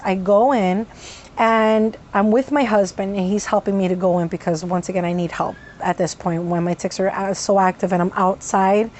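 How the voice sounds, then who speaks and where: A woman's voice: medium pitch, fairly even intonation, unhurried, a little mellow, a little hiss or hum. Rambling woman vlogger with vocal tics. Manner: rambling, many fillers, sudden vocal tics. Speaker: vlogger telling a personal story. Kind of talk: casual storytime.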